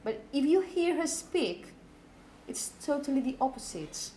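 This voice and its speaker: A woman's voice: high-pitched, very animated, measured pace, dark tone, a little hiss or hum. Chatty woman teacher in a classroom. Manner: chatty, apologetic, asks the class questions. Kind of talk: classroom lecture.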